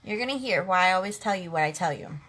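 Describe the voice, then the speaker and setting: A woman's voice: fairly low pitch, expressive, fast talker, fairly bright tone, soft background music. A woman in her late thirties on a makeup livestream, telling a personal story in an earnest, heartfelt way and speaking straight to her viewers. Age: late 30s. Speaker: makeup live streamer.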